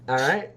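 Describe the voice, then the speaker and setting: A man's voice: extremely high pitch, background noise. A man running a tabletop game as game master, narrating in a rambling, filler-heavy way. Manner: rambling, many fillers, laughs often.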